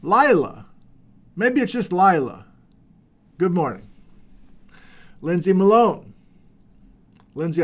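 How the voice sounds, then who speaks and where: A man's voice: fairly high pitch, darkish tone. A middle-aged man hosting a geology livestream, chattily reading out viewers' greetings with playful asides.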